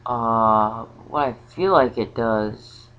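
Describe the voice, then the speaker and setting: A woman's voice: extremely low pitch, fairly bright tone. Rambling woman on a dull recording. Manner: rambling, halting, with many restarts and fillers. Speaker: vlogger. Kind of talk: casual spiritual monologue. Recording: slightly dull lo-fi sound.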